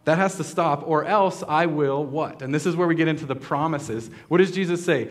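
Pastor, male, slightly high voice, relaxed conversational sermon delivery, lots of ums and self-corrections, quizzes the congregation. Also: moderate pace, hardly any pauses. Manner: casual, conversational preaching with many fillers and restarts; asks the congregation questions.

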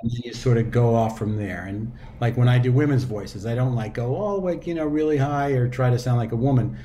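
A man in his sixties, an audiobook narrator and actor, chatting as a guest in a relaxed, reflective way with loose fillers and restarts. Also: medium pitch, brisk, lo-fi sound. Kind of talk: casual interview chat.

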